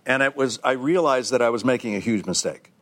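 A middle-aged man sits as a guest on a studio talk show and spins an animated anecdote, slipping into other people's voices as he goes. His pitch sits in a plain middle range, and laughter keeps breaking through the telling. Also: a little fast. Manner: lively storyteller, acts out voices, laughs often. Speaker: guest actor.

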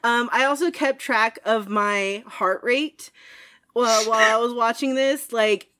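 A woman's voice: a little high, unhurried, pushed and bright. A woman in her thirties co-hosting a casual movie podcast, telling a story in an emotional, rambling way and laughing often. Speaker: podcast co-host.

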